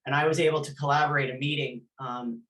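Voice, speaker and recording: A woman's voice: rumbling low, steady tone, fast, fairly bright tone, poor audio. A woman, a former elite athlete, earnestly recounting her own history as an interview guest, often restarting her sentences. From Canada. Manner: earnest, intense, frequent restarts while recounting.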